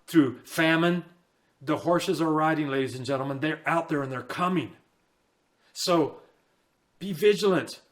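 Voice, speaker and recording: A man in his fifties preaching a fiery end-times warning sermon, emphatic and repetitive, rising and falling in force. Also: fairly high pitch.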